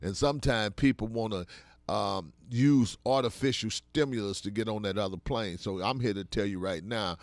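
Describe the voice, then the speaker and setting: A man, talking like a preacher in conversation and rising to loud, emphatic bursts. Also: fairly low pitch, normal speed, dry recording.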